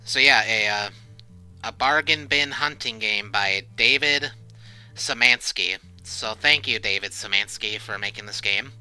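A young man playing a horror game on his channel, panicking and swearing out loud, then giving a rambling casual review. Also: fairly low pitch, a little slow, smooth, soft background music, poor audio. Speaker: gaming channel host. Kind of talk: horror game let's play commentary.

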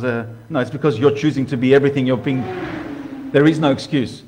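Male preacher, tenor-ish, chatty sermon style with sudden loud and soft turns. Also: on the high side, moderate pace. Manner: conversational, asks the congregation direct questions; voice swings from hushed to loud. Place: church hall before a live congregation.

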